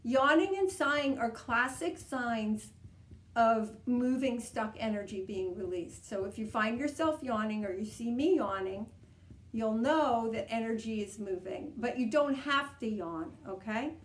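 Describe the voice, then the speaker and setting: A woman leading a guided tapping session, coaching calmly and repeating each step. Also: fairly high pitch, a little slow. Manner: calm, repetitive, coaching tone. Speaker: EFT tapping practitioner. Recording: echoey room.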